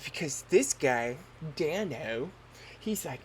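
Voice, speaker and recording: A young man hosting a podcast, telling a story in a lively, slangy and profane way. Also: medium pitch, measured pace. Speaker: podcast host. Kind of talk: casual storytelling.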